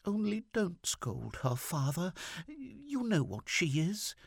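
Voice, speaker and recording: A man's voice: huge pitch swings, takes it slowly, vocal fry, fairly bright tone, slightly rough, dry recording, clean studio sound, exaggerated voice. A man voicing a sobbing, timid, kind mother in an audiobook reading, pleading in a raised, thin voice. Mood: tearful pleading. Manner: pleading, tearful, high falsetto-like lift.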